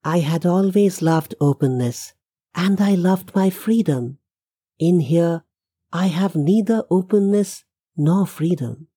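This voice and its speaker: A storyteller voicing the ghost of a young woman, with a musical voice and a slow, solemn way of speaking. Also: mid-range voice, warm tone, slightly rough, no echo, pitched above the performer's own voice. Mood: calm, sorrowful.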